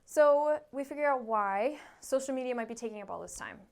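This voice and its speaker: A woman therapist talking casually on a podcast, acting out quotes from clients and kids in an animated way and swearing freely. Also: high voice, brisk, vocal fry. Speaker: therapist guest.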